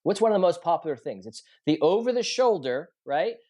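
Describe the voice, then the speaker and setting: A man's voice: a little high, big pitch swings, fairly quick, mellow, lo-fi sound. A man in his forties, a podcast guest, telling a heartfelt personal story in an earnest, confessional way and acting out the dialogue. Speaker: podcast guest, coach and author.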